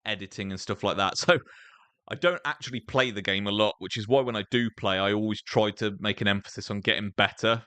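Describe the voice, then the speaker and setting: A man's voice: on the low side, brisk, fairly bright tone, smooth, dry recording. A young man with an English accent chatting casually while streaming gameplay, laughing often and saying "mate" and "like" a lot. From England. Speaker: gaming streamer.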